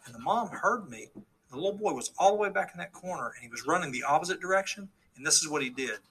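A man's voice: on the high side, animated, fast, fairly bright tone, husky, poor audio. A middle-aged man earnestly telling his testimony story to a live audience, acting out the dialogue he quotes. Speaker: speaker giving a testimony.

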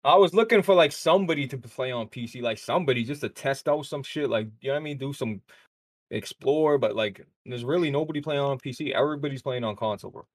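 A man talking fast and heatedly on a casual gaming podcast, cursing freely as he argues his point. His voice sits close and dry, with no room sound. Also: medium pitch, no echo. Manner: animated, swearing, rapid banter. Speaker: podcast co-host.

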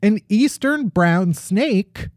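A man co-hosting a podcast, telling strange news stories in a jokey, animated way. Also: high-pitched, very slow, no room sound, clean studio sound. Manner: jokey, animated storytelling with laughs. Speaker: podcast co-host. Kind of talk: casual comedic news chat.

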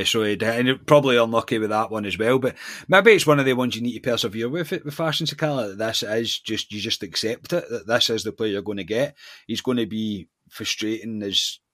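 Low-voiced Scottish man talking football. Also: fairly bright tone, no echo. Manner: opinionated, with restarts. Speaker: podcast co-host. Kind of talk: casual football chat.

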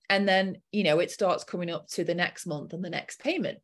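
A woman's voice: mid-range voice, moderate pace. A young adult woman coach telling a personal story in a casual chat and acting out her own inner voice.

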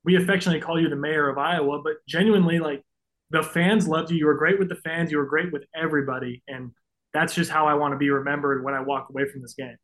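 A man's voice: fairly high pitch, steady tone, quick pace, fairly bright tone, poor audio. A man in his thirties, a baseball player guest, talking earnestly and emotionally in a casual podcast chat, full of fillers. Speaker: guest, pro baseball pitcher.

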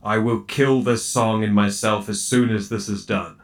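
A man's voice: on the low side, steady tone, lightly acted. Man doing Z, grave solemn hero. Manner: slow solemn vow. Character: resolute male hero, grave and determined.

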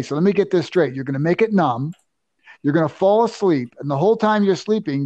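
A man's voice: high-pitched, no echo, highs cut off. Emphatic older man telling a story. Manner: animated, emphatic, self-assured. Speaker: guest. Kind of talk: anecdotal storytelling.

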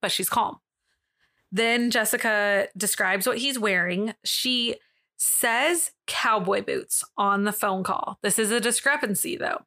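Bright-voiced chatty woman telling a case. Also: mid-range voice, takes it slowly. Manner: chatty, laughs often, swears. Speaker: podcast host. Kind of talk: casual true-crime storytelling.

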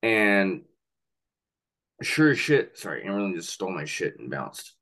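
A man's voice: low voice, unhurried. A man hosting a podcast in casual chat, swearing freely and telling stories animatedly. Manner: profane, animated storyteller. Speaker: podcast host.

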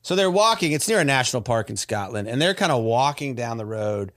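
A man telling a story in a casual podcast chat, animated and rambling, with many restarts and fillers. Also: mid-range voice, brisk, no room sound, studio quality. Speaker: podcast host.

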